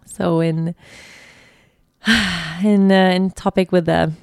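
Reflective woman with a low, gravelly voice. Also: warm tone, no echo. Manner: reflective, heartfelt, with frequent restarts. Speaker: podcast host. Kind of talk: casual solo podcast monologue. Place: guest bedroom, sitting on a bed.

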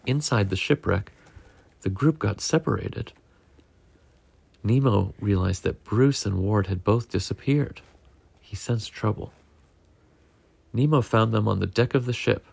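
A man reading a picture book aloud to a child at home, in a gentle, unhurried storytelling manner. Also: fairly low pitch, gravelly, breathy edge, no echo.

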